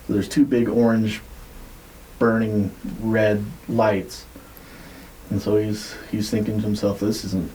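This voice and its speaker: A man with a somewhat low, warm and mellow voice tells a story on a podcast. He talks loosely, rambling with plenty of "like" and the odd curse word. A faint background hiss sits under the recording. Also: rough recording. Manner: loose, rambling retelling with frequent "like" and swearing. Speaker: podcast host. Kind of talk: casual storytelling.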